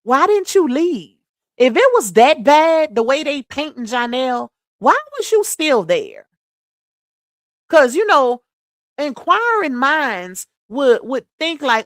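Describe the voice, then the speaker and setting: High lively louisiana woman on a livestream, blunt and emphatic, dry close sound. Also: slow pace, no room sound. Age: adult mother. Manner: emphatic, blunt, talks straight to viewers. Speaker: livestream host. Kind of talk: casual livestream commentary.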